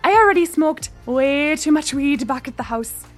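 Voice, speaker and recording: A woman voicing an excitable young woman. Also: high voice, moderate pace, soft background music. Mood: eager.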